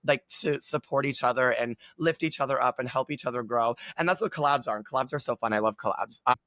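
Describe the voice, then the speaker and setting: A man's voice: medium pitch, quick pace, a bit bright, no room sound. A man chatting as a guest creator, gushing and upbeat, with lots of filler words. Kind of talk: casual chat.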